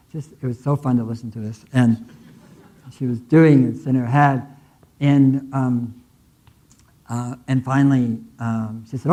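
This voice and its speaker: Mellow-voiced man giving a keynote. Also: mid-range voice, moderate pace, rough recording. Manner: conversational storytelling with many fillers and restarts. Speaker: keynote speaker. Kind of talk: conference keynote talk. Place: lecture hall.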